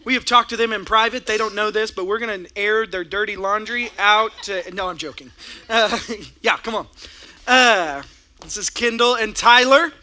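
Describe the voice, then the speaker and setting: A man preaching as a pastor before a congregation, telling stories in an animated way and often laughing. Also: high-pitched, normal speed, a little hiss or hum. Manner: animated storytelling with frequent laughter. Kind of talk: sermon. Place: church stage before a congregation.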